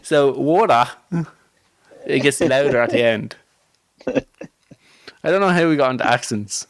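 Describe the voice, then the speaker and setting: A man's voice: mid-range voice, measured pace, dry recording. An Irish man with a Dublin accent, co-hosting a podcast and arguing his point insistently in casual chat. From Ireland. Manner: argumentative, insistent. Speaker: podcast co-host.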